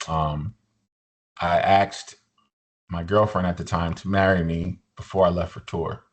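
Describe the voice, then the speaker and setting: A man in his forties, a podcast guest, telling his story in a relaxed, joking way, full of "you know" and easy fillers. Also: deep voice, unhurried, highs cut off. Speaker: podcast guest, musician and motivational speaker. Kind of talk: casual storytelling interview.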